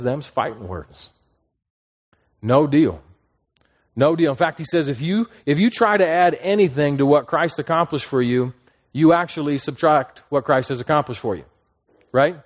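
A man's voice: fairly high pitch, lo-fi sound. A man preaching a sermon in a conversational way, often checking in with his listeners. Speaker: pastor.

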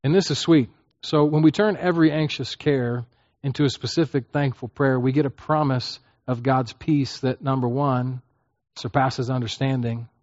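A male pastor with a mid-range, darkish voice delivers his sermon at a moderate pace with fairly even intonation. The audio has no echo and its highs are cut off. He teaches conversationally, checks in with "okay?" often, and acts out prayers.

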